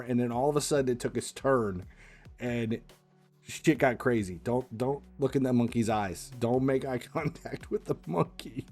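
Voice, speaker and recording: A man hosting a livestream, telling a casual anecdote in an animated, exasperated way with casual swearing. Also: medium pitch. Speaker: livestream host. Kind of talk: casual storytelling.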